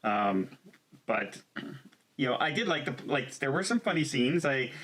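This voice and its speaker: A man's voice: mid-range voice, very animated, a little slow, fairly bright tone. A man co-hosting a casual movie review chat, rambling with plenty of fillers and frequent laughs. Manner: rambling, laughs often, lots of "like". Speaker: podcast co-host.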